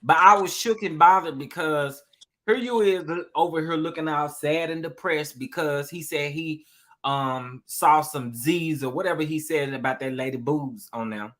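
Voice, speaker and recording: A co-host in casual reality TV recap chat, animated and slangy, often laughing. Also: medium pitch, normal speed.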